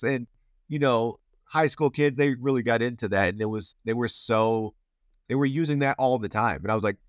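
A man's voice: medium pitch, normal speed, clean tone, dry recording, clean studio sound. A man hosting a casual interview, rambling and playful with lots of restarts. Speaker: podcast host. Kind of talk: casual conversation.

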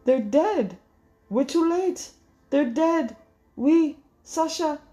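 A woman voicing a frightened teenage girl in an audiobook, frantic and shouting. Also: sits high, expressive, normal speed, pitched above the performer's own voice. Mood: panicked. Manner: frantic, shouting, near tears.

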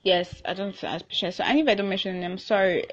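A young Nigerian-accented woman talks through her own podcast in a loose, chatty way, restarting sentences and laughing as she goes. Her voice sits at a middling pitch. The recording is dull and lo-fi. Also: fairly even intonation, quick pace, noisy background. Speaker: podcast host. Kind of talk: casual solo podcast.

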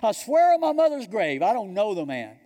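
A Georgia-accented man acting out a panicked grown man who loudly swears he knows nothing. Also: high voice, big pitch swings, fairly quick, pitched above the performer's own voice, heavily acted. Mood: frantic denial. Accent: Georgia, US Southern. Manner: emphatic, rising, loud. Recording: long reverb of a large hall.

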